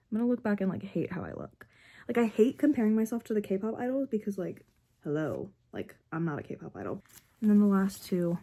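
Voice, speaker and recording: In a casual unboxing vlog, a young book and K-pop creator opens albums in a mellow, medium-pitched voice. She gushes and gasps throughout, bouncing between squeals and whispers.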